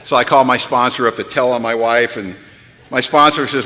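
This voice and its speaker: A man telling a self-mocking recovery story to an audience in a hall, animated and rising to high-pitched punchlines. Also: normal speed. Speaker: speaker sharing recovery story. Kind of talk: storytelling talk to a live audience. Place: large hall at a retreat. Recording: long reverb of a hall.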